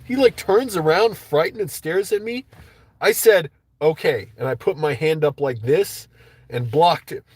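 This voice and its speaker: A man's voice: a little high, unhurried, darkish tone, husky, dry recording. A man hosting a livestream, ranting casually and angrily with lots of swearing. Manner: profane, agitated ranting. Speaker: livestream host.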